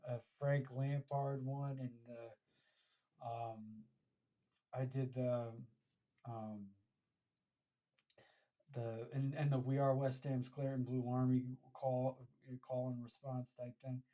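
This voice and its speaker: A man's voice: medium pitch, little pitch movement, slow pace, long pauses, mellow, lo-fi sound. An American man telling a casual, rambling story about a match, with many fillers and restarts. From United States. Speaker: fan podcaster.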